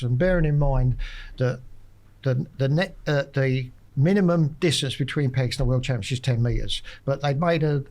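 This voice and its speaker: A man's voice: medium pitch, rough recording. Man telling a rambling story. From England. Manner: rambling storyteller with many restarts. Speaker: podcast guest, match angler. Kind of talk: casual anecdote. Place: podcast studio.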